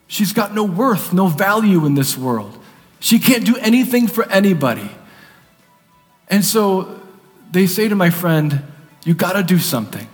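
A man's voice: sits high, animated, unhurried, soft background music. A man preaching a sermon, telling a story earnestly and repeating words for emphasis. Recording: long reverb of a large hall.

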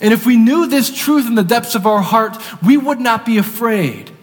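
A man's voice: very high voice, animated, normal speed. A man preaching a sermon, telling a story earnestly and repeating words for emphasis. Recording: long reverb of a large hall.

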